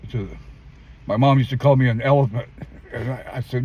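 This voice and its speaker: His voice husky, steady, and brisk, an older man from California emphatically shares his testimony on the street, performing quoted voices that often jump high. The audio is dull and lo-fi with faint traffic.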